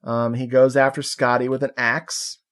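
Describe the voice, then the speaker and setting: A man with a mid-range voice chats through a film recap on a podcast. He speaks from a video call, loose and amused, tossing in quick quoted lines. His delivery is casual and full of little laughs. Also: mid-range voice, clean tone. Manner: relaxed, laughing, retelling scenes with quick put-on quotes. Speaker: podcast co-host. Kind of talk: casual movie recap chat.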